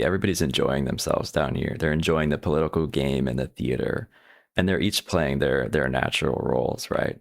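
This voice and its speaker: Very deep, gravelly man explaining a chart. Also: no echo. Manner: earnest, repeats words when searching for phrasing. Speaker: video creator explaining his own chart. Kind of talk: explanatory commentary monologue.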